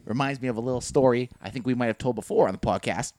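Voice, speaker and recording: A man co-hosting a casual podcast, swearing freely, laughing, with deadpan asides. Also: mid-range voice, very fast. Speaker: podcast co-host.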